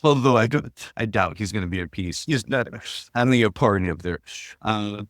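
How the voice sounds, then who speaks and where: A man in his sixties who teaches shamanism appears as an interview guest, telling personal stories in an earnest, reflective way and frequently restarting his sentences. His lowish voice moves at a moderate pace, recorded cleanly in a studio with no room sound.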